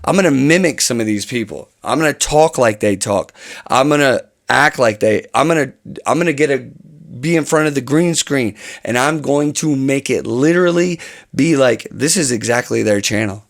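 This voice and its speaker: A man's voice: mid-range voice, lively intonation, normal speed, vocal fry, no room sound, studio quality. A man talking casually to camera about his channel plans, rambling and often restarting his phrases. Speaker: channel host.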